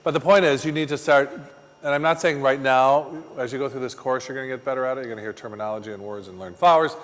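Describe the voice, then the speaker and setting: Animated man teaching a floral design class. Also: medium pitch, quick pace, big-room sound. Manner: animated storyteller, salesy and emphatic. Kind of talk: classroom lecture with anecdotes. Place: flower design school classroom.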